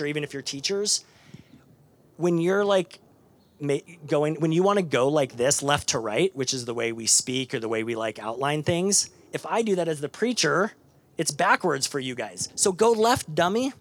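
A man preaching a sermon to a live congregation, chatty and animated, with lots of fillers and restarts. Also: mid-range voice, dry recording. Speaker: pastor. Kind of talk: conversational sermon.

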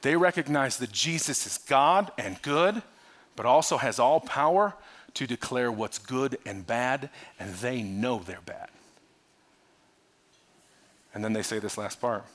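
A male pastor preaching a sermon with animated delivery, swinging between loud bursts and hushed, quiet lines. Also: medium pitch, measured pace, pauses often.

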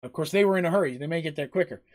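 Nervous small-town innkeeper, done by a man, high and stammering. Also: rapid-fire, a little mellow, close to an everyday voice. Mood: frustrated. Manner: stammering, anxious, pleading. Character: nervous male village innkeeper.

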